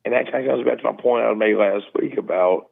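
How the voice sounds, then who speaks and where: A man with a Southern accent calling in, mumbling and talking fast in casual chat. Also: medium pitch, gravelly, slightly rough. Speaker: caller. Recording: tinny phone line.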